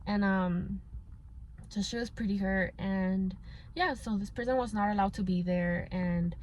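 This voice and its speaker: A woman's voice: mid-range voice, steady tone, a little slow, darkish tone, dull audio, a little hiss or hum. A young woman telling a painful personal story in a casual, candid way, slipping in Spanish words and using many fillers. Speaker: vlogger.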